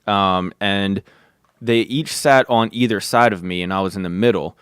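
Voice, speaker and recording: A man hosting a podcast, telling a story in a casual, excitable way, swearing and calling the listener "dude" again and again. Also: lowish voice, moderate pace, clean tone, no echo, clean studio sound. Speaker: podcast host.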